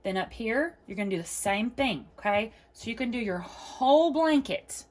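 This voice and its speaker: A woman's voice: on the high side, expressive, normal speed, a little mellow. A woman hosting a casual quilting tutorial, chatty and reassuring, who repeats each instruction step by step. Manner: reassuring and encouraging. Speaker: quilting video host.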